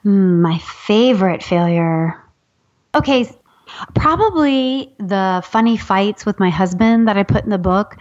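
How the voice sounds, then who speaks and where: Woman guest, lively storyteller, does the voices of people she quotes, laughs a lot, dry and slightly muffled sound. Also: medium pitch, unhurried, no echo. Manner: animated, acts out quoted voices, laughs often. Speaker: guest author. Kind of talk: casual storytelling chat.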